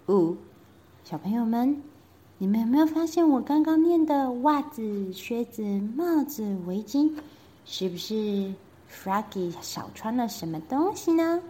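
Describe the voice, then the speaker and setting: A woman storyteller reading a children's picture book aloud in two languages, with a sing-song, animated delivery and asides to the kids. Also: a little high, measured pace.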